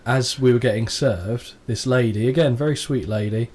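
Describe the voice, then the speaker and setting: A man's voice: mid-range voice, moderate pace, darkish tone, slight background noise. An English man co-hosting a podcast, chatting casually and telling anecdotes with playful quoted voices. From England. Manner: storytelling, puts on voices when quoting others. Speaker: podcast co-host. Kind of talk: casual chat.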